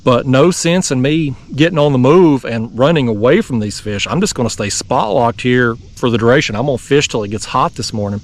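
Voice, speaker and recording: A man, hosting a fishing vlog from a kayak outdoors, talking in a folksy, excitable way and laughing often. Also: mid-range voice, brisk, few pauses, far from the mic. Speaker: fishing channel host.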